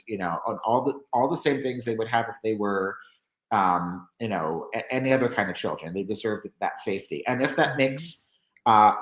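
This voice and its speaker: A man's voice: mid-range voice, a bit bright, roomy sound, low-quality recording. A man speaking as a journalist guest in a casual interview, rambling with many restarts and fillers.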